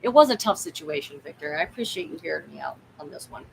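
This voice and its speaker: A woman's voice: sits low, animated, quick pace, vocal fry, slight background noise, rough recording. Blunt, rambling woman streaming live. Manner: candid, rambling, blunt, swears freely. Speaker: tarot reader and livestream host. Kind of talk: casual livestream chat.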